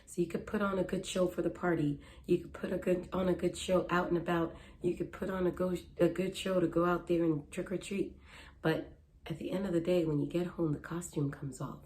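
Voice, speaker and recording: A woman's voice: on the low side, fairly even intonation, brisk, a little mellow, a little hiss or hum. A young woman who works as a matchmaker, talking earnestly and conversationally in a casual advice vlog, repeating her key points. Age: young adult.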